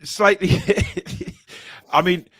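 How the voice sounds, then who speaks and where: A man's voice: high-pitched, steady tone, very slow, a bit bright, no echo, studio quality. A man hosting a live fan podcast, rambling and teasing with plenty of ums and uhs. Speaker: podcast host.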